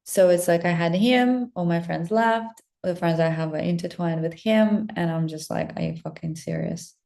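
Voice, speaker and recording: A young woman telling an emotional personal story to her listeners, swearing a lot and often dropping into soft whispers. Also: fairly low pitch, normal speed. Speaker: spiritual content creator. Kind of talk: confessional storytelling to camera.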